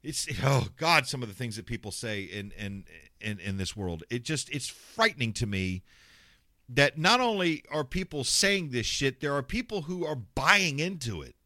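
A man's voice: mid-range voice, big pitch swings, normal speed, sharp tone, no echo, clean studio sound. Blunt, profane male radio ranter. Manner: mocks callers in put-on voices. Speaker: radio show host. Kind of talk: ranting talk radio monologue.

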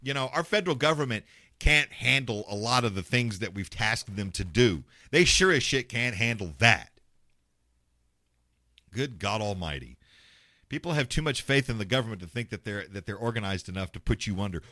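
A man rants on his talk radio show, blunt and sarcastic and quick to swear. His pitch rises and falls a lot. The sound is dry and close, with no room around him. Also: animated, bright, forceful tone, no room sound. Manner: mocks callers in put-on voices. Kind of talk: ranting talk radio monologue.

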